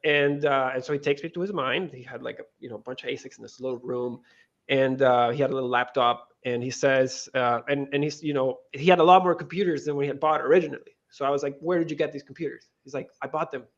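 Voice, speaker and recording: A man, guest on an interview, telling a story in animated casual talk full of restarts and quoted dialogue. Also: medium pitch, fast talker, lo-fi sound. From Venezuela. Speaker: guest, crypto lending co-founder.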